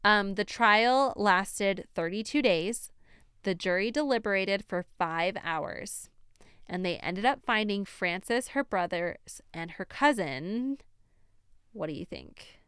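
A woman's voice: medium pitch, lively intonation, slow pace, a bit bright, clear, resonant tone, dry recording, clean studio sound. A young woman hosting a true crime podcast, telling the story in a chatty, casual way with frequent laughter and emphatic asides.

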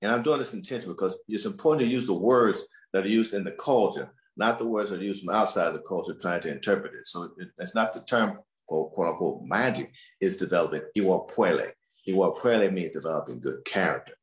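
A man, a scholar, answering interview questions in a measured, explanatory way. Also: sits low, echoey room. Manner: measured, explanatory, repeats words.

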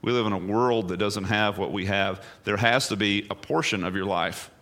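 Male pastor, sermon delivery, bright forward tone, throws questions at the congregation, drops low then climbs to emphatic peaks. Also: normal speed. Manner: rhetorical questions, swinging between hushed and emphatic.

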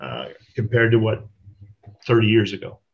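A man pitching a product in conversation, speaking haltingly with many fillers. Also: lively intonation, vocal fry. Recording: dull lo-fi audio.

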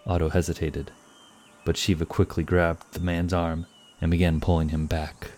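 A man narrating a fantasy story in a measured, scripted way. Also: low voice, little pitch movement, darkish tone.

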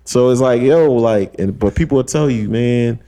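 A man's voice: mid-range voice, moderate pace, warm tone. A young man on a podcast, telling a long story in casual slang, acting out quotes and using lots of fillers. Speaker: podcast co-host.

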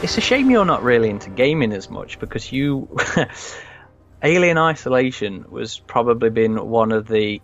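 A man's voice: mid-range voice, sing-song, normal speed, faint music behind. A man in casual podcast chat, telling long rambling anecdotes full of restarts. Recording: slightly dull, dry recording.

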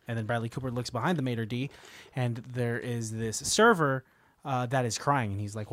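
A man on a casual podcast, retelling a movie scene in a low, hushed voice. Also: steady tone, a little fast, dry recording.

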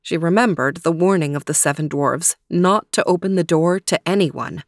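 A woman telling a fairy tale aloud in calm, measured storybook narration. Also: fairly low pitch, no room sound, clean studio sound. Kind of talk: storybook reading.

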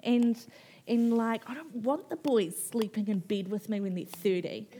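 A woman, an author telling her story on stage at a book festival, frank and animated, swearing casually and laughing often. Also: a little high, normal speed, heavy background noise. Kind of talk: candid conversational storytelling.

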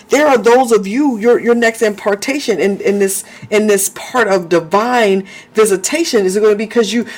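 A man preaching a sermon in a fervent way, often stopping to praise, speak in tongues and laugh. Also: sits high.

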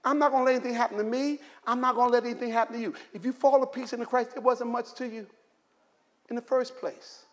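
Man voicing God, reassuring, gentle rebuke, soft, high voice. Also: fairly even intonation, fast, in a large hall. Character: calm, reassuring, loving God speaking to believers.

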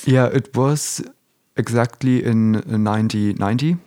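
A man's voice: mid-range voice, a little slow, mellow. A young man born in Germany, talking as an interview guest in a casual, hesitant way, often restarting and searching for words.

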